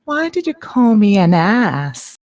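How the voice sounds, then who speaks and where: A woman's voice: mid-range voice, very animated, slow pace, darkish tone. Mocking, patronizing woman on voice chat. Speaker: participant in a voice chat argument. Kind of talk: heated voice chat argument.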